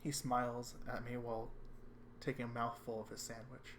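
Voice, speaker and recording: A man reading a visual novel aloud with calm first-person narration. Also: mid-range voice, moderate pace, slight background noise. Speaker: reader.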